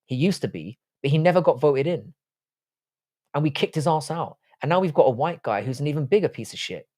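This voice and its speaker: A man's voice: on the high side, expressive, a little fast, warm tone. A man from Cork, hosting a livestream, reading viewer questions and answering them bluntly, with lots of swearing. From Cork, Ireland. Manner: blunt and heavily profane, shifting between jokes and asides. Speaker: livestream host.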